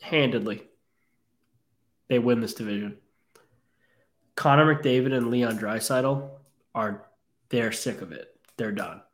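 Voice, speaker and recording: A man co-hosting a casual sports chat, with a voice at an ordinary pitch for a man. He talks quickly and bluntly. He often cuts in on his co-host to add his own opinions. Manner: quick, opinionated, jumps in on others. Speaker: podcast co-host.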